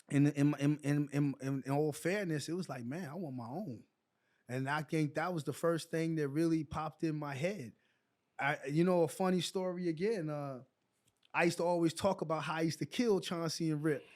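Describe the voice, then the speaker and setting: Man, forties, from New York, high-pitched, animated storyteller, podcast guest. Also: moderate pace. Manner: lively anecdotes packed with "like" and "so". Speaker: guest, former pro basketball player.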